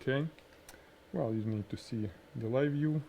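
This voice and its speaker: A man with a heavy Russian accent teaches lighting on a live show. His pitch sits right in the middle for a man. He talks in a lively, hands-on way and works through a demonstration as he goes. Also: measured pace, vocal fry, a little hiss or hum. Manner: animated, explains by demonstrating, laughs at himself. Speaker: photography instructor. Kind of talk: live-stream photography lesson.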